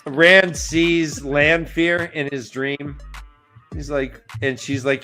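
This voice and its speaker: A man's voice: on the high side, steady tone, slow, pushed and bright, faint music behind. A man co-hosting a casual book podcast, retelling scenes with jokes and acted-out quotes. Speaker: podcast co-host. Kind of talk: casual book-recap chat.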